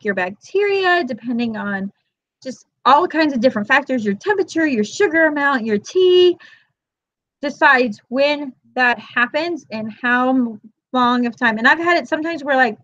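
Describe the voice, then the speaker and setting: The host of a weekly moms' chat has a high, somewhat bright voice with no echo, captured on dull, dry lo-fi webcam audio. Chatting casually and live with viewers, she tells stories, acts out her friend's lines in quotes and calls everyone "girl."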